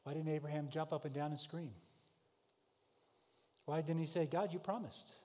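A man preaching a sermon with a slightly raised pitch. He tells the story dramatically, swinging between loud passages and hushed ones. His voice carries a long reverb from a large hall. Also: flat delivery, moderate pace. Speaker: pastor.

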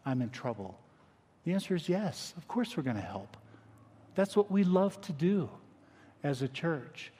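A male pastor with a slightly higher voice delivers a sermon in an easy, conversational way, often sinking to a quiet, intent hush to drive a point home. His voice carries a long reverb tail, as if from a large church hall. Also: very animated, measured pace, breathy edge. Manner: conversational, dynamic preaching with quiet emphatic drops. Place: church sanctuary.

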